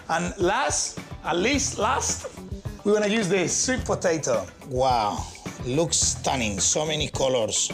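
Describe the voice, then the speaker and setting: Playful high-voiced guy hosting a cooking bit, bouncy delivery, music behind him. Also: gravelly. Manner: playful, excitable, chatty. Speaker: TV presenter cooking on location. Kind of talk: lively TV lifestyle segment. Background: background music.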